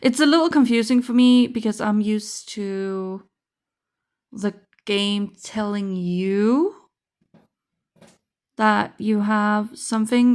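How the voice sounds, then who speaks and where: A woman's voice: mid-range voice, animated, slow, vocal fry, darkish tone, clear, resonant tone. A woman chatting casually as she opens a trading card pack, thinking aloud with many fillers and restarts. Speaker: card game vlogger. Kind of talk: casual unboxing chat.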